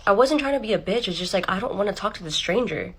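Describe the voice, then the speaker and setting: A woman's voice: medium pitch, lively intonation, quick pace, fairly bright tone, slightly rough. A woman telling a personal story in a casual storytime, blunt and candid, with lots of "like" and some swearing.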